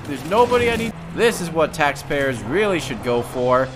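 A man's voice: a little high, moderate pace, very noisy. A man streaming games in a casual, jokey way, talking back to what he sees on screen. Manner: animated, jokey, talks to the game. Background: game music.

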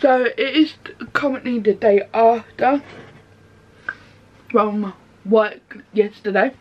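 Speaking slowly in a fairly high voice, a woman rambles casually for her vlog while sitting in her bedroom. The recording, made at home, sounds dull and lo-fi, with a bit of hiss or hum.

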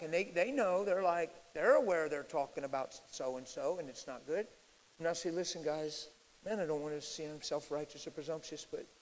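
A man speaking frankly and emphatically as a guest teacher in a live church question-and-answer session. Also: on the high side. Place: church hall, live audience. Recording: echoey hall.

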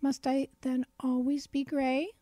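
A woman voicing a small, patient female finch in a children's storybook, soft and gentle. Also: high voice, level tone, unhurried, no room sound, studio quality, voice pushed up. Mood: wistful.

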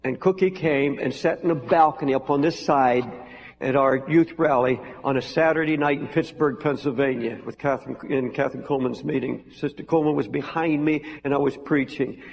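A man's voice: medium pitch, brisk, gravelly, darkish tone, slight background noise. A man preaching a sermon as pastor, earnest and pleading, with emphatic repetition, recorded live in a large church hall. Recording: live sermon in a reverberant hall, faint music.

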